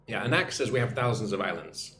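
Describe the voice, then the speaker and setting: A man's voice: on the low side, animated, a little fast, reverberant, noisy background. A man who teaches English online, chatting on a live stream, reading out viewer comments and greeting them in their own languages. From United States.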